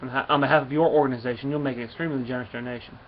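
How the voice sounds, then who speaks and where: A bold, commanding female con artist who gives orders and pretends to plead. A man reads her lines in a plain, mid-pitched voice. The recording is slightly muffled. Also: steady tone, rapid-fire, slight background noise, natural voice. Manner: reading quoted lines aloud.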